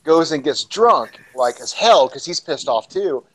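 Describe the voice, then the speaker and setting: A man's voice: fairly high pitch, expressive, a little slow, a bit bright, husky, poor audio. Rambling, cussing male podcast storyteller. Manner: rambling, profane anecdote-telling with many fillers. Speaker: podcast co-host. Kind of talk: casual storytelling chat.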